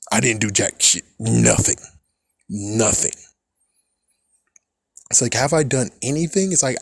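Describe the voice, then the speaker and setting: Young man, casual reaction commentary, profane and rambling, mid-pitched voice, dry close sound. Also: no room sound. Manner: loose, profane, rambling with frequent laughs. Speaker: reaction video host.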